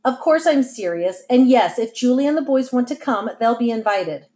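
A woman's voice: a little high, animated, normal speed, mellow, natural voice. A woman reading aloud, voicing a stern, determined suburban mother who speaks in clipped, firm lines.

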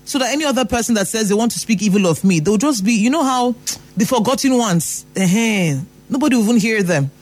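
A man's voice: high voice, expressive, fast talker, soft background music. A Nigerian man giving an emphatic motivational talk, repeating phrases for emphasis. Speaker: motivational speaker.

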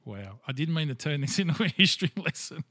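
A man's voice: on the high side, sing-song, brisk, pushed and bright, no echo. An Australian man chatting casually, telling rambling stories with lots of filler words. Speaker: conversation partner. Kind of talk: casual chat.

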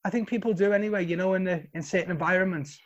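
High-voiced joking man, podcast guest. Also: fairly even intonation, very fast, muffled recording. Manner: joking, swears freely. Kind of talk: casual podcast chat.

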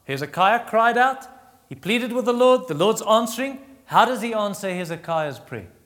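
In a big-sounding room, a man delivers a sermon with lively intonation, recounting Bible stories and voicing the characters' pleas. He pitches those voices up, softens and slows down for words of comfort, and keeps stopping and restarting his teaching.

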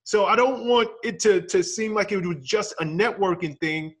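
Husky, high-voiced male host. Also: normal speed. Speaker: podcast host and former music manager. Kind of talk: interview conversation.

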